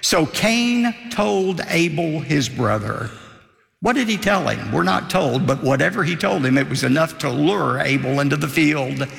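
Gravelly older man preaching a sermon. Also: a little high, lively intonation, measured pace, a bit bright. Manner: emphatic preaching, rising for quotes. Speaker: pastor. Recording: long hall reverb.

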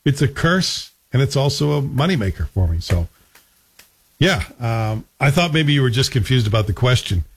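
A man's voice: mid-range voice, animated, normal speed, husky. A man hosting a morning radio show, chatting and joking casually with his co-hosts. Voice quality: talkative, joking.

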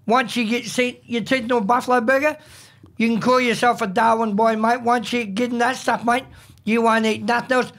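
A man's voice: very high voice, flat delivery, a little fast, fairly bright tone. An Australian man co-hosting a radio talk show, brash and blokey, tacking "mate" onto nearly every sentence.

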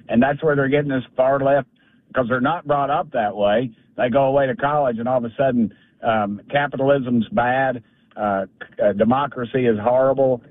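A man's voice: mid-range voice, no room sound. A congressman calling in to a talk show, blunt and folksy, getting heated and repeating himself as he rails. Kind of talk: fired-up political call-in. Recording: dry tinny phone line.

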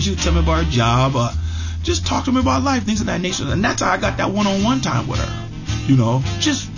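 Middle-aged man, personal storytelling, conversational, repeats words, dull lo-fi sound. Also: high voice. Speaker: interviewee. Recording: dull lo-fi radio audio with music behind.

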